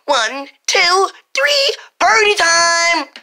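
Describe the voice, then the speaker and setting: A woman voicing a cheerful childlike toy tiger, with slow, bubbly, sing-song phrases for small children. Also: very high voice, big pitch swings, bright, forceful tone, full character voice.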